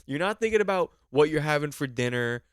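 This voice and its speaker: A man's voice: on the high side, lively intonation, brisk, clear, resonant tone, dry recording, clean studio sound. A young man hosting a podcast, riffing in a rambling, profane, comedic monologue full of fillers. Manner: rambling, profane, lots of fillers and mock voices. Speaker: podcast host.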